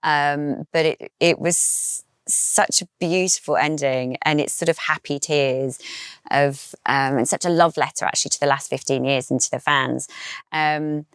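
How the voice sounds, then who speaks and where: A reflective, emotional woman answers interview questions as an actress guest. Her voice sits very low for a woman, and the sound is dry. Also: fairly even intonation, measured pace, clear, resonant tone, dry recording.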